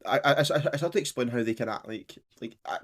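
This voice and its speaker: A man's voice: mid-range voice, fast, a bit bright. A man co-hosting a history podcast, chatting casually, rambling and often laughing. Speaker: podcast co-host.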